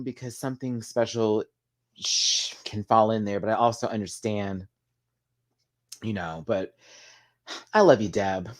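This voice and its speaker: A man hosting a casual live chat with viewers, talking in a sassy, animated way and swearing freely. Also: on the low side, measured pace, long pauses. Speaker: live stream host.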